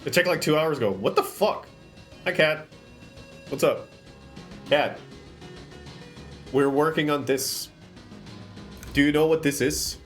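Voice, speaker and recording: A man's voice: fairly high pitch, unhurried, pauses often, faint music behind. A man streaming live, chatting casually while setting up an avatar, often slipping into playful theatrical bits.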